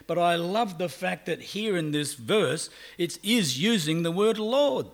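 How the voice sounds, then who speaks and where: An Australian man preaching with a voice pitched a little high that climbs and drops all the time. He stretches out key words, then lowers his voice for quick confiding asides. His delivery is animated and conversational. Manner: animated, swinging between loud emphasis and quiet asides; acts out quoted people in brief voices. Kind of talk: sermon.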